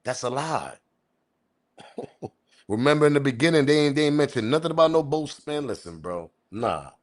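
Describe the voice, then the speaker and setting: Man, livestream commentator, casual, animated, repetitive, swearing. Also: mid-range voice, moderate pace. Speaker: online news commentator.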